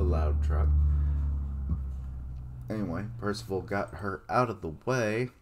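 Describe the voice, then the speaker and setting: A man's voice: fairly low pitch, measured pace, noisy background. A man giving casual live reaction commentary on an anime, blurting out surprised remarks and swearing casually. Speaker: reaction streamer.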